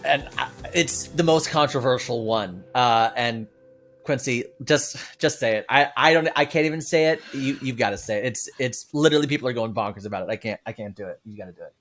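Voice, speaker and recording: A man co-hosting a casual chat, telling stories in an animated, exaggerating way. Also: medium pitch, fairly quick, faint music behind. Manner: animated storyteller, exaggerates for effect. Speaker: co-host.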